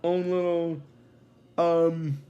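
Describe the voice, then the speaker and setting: A man retells a cartoon episode at a slow, meandering pace, full of fillers. His voice sits high for a man and stays casual throughout. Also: little pitch movement, dark tone, highs cut off. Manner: rambling, many fillers, chuckling asides. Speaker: episode reviewer.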